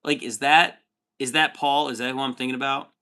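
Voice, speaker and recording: Streamer, male, thirties, bright tense voice, rambling and profane, calls everyone dude. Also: medium pitch, fairly even intonation, brisk, clear, resonant tone. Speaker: livestream host reading chat. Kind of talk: casual chat.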